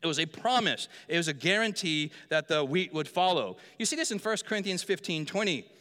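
A man's voice: a little high, animated, a little fast, pushed and bright. A man preaching a sermon in a church hall, joking with the congregation and quizzing them. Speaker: pastor. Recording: long reverb of a large hall.

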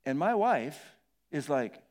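A middle-aged male pastor telling a dramatic personal story in a sermon, acting out his own shouts and moans. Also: fairly high pitch, slow pace, in a large hall. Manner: animated storytelling, acts out yelling and moaning.

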